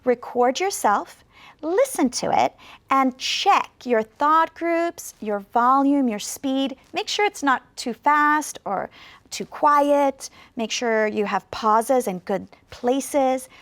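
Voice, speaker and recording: A woman teaching English pronunciation in a video lesson, speaking slowly and clearly with deliberate pauses to demonstrate. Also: high-pitched, fairly bright tone, no room sound.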